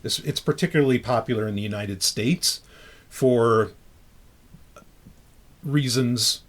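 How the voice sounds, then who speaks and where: A man's voice: medium pitch, measured pace. A man hosting a podcast in loose, casual chat, talking freely with frequent restarts and casual swearing. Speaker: podcast host.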